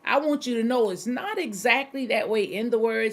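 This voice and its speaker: A woman's voice: fairly high pitch, lively intonation, normal speed. A middle-aged woman pastor giving a conversational sermon, folksy and direct, speaking straight to her listeners and repeating key phrases.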